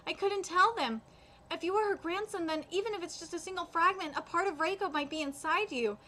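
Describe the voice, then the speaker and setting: A wistful ancient spirit looking back, read aloud by a woman. The voice is high and bright, with halting "um"s as the text is read cold. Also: a little hiss or hum. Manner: read aloud with hesitant fillers.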